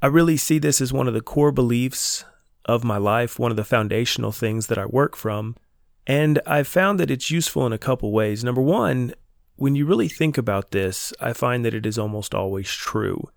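A man hosting a solo podcast, speaking in a reflective, earnest and measured way, with a slightly stuffy voice from a stomach bug. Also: mid-range voice, expressive, vocal fry, no room sound, studio quality. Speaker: podcast host and counselor.

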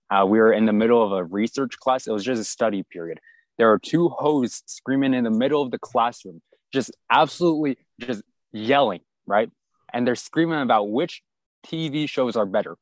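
A young man telling an exaggerated comic story from high school in a casual chat. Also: no room sound.

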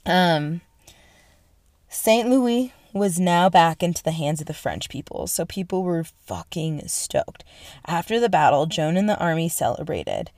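A young adult woman retelling history in a casual, excitable way, swearing often and saying "like" and "right?" a lot. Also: on the low side, a little slow, no room sound, clean studio sound. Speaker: storyteller.

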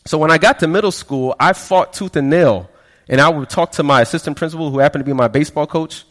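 Speaking fast in a slightly high voice, a man shares his personal testimony as a sermon, telling it in a loose, conversational way. He frequently snags on a word and repeats it, drops his voice when quoting others, and a long reverb makes him ring out as if in a large hall.

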